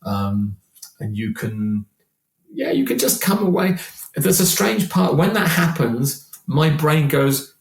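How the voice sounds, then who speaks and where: A man in his sixties, a singer guesting on a podcast, talking in an animated, chatty way and often repeating words. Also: on the high side, takes it slowly, vocal fry. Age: 60s. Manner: animated, chatty, repeats words while acting out quoted voices. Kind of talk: casual podcast conversation. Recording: roomy echo.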